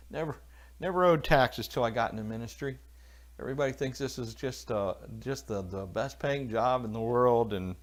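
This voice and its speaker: A man, a pastor, giving a loose, rambling Bible talk on a livestream from his church while answering viewers in the chat by name. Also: lowish voice. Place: church, alone.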